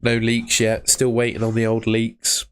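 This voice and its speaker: A man's voice: medium pitch, monotone, measured pace, clear, resonant tone. A man hosting a casual live stream, chatting upbeat with viewers and greeting them by name. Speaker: livestream host.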